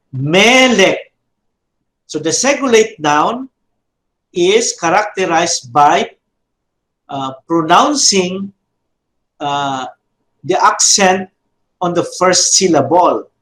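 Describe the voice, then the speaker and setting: Middle-aged man, teacher, lightly high voice, very slow and halting, echoey room. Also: expressive, fairly bright tone. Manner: slow, halting explanation with frequent fillers and repeated drills. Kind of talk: classroom lecture.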